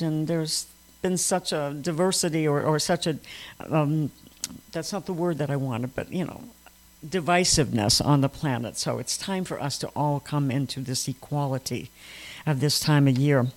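A minister giving an informal sermon on prayer to a small audience in a room, folksy and joking, rambling with restarts. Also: mid-range voice.

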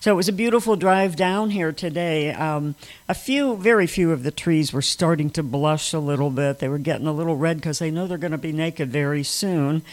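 A minister gives a relaxed, folksy talk to a small congregation gathered in a room. The talk mixes jokes with loose, rambling asides and frequent restarts. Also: medium pitch, normal speed. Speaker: minister giving a talk on prayer. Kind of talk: informal sermon to a small congregation. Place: room with a small live audience.

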